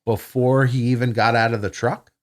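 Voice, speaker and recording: This man has a mid-range voice and a moderate pace, with slight background noise from a home podcast room. A podcast guest, he casually tells a long story, swearing and acting out the dialogue he quotes in an animated way.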